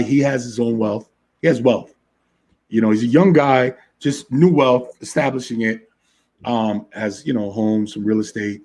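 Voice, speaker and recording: A podcast co-host with a lowish, slightly mellow voice chats casually about relationships. He tells stories and often tosses in "right?" asides.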